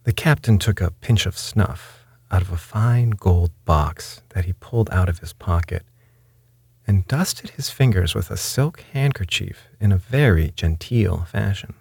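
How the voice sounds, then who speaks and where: A man reading a classic ghost story aloud in a measured, wry first-person narration. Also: low-pitched, animated, vocal fry, a little mellow, slightly rough, no room sound.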